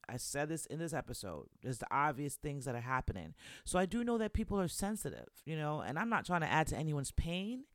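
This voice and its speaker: A man's voice: fairly high pitch, fairly bright tone, dry recording, studio quality. A young man hosting a solo podcast in a casual, chatty way. He keeps encouraging his listeners and checking in with them. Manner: chatty and encouraging, constantly checking in with "right?" and "you know". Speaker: podcast host.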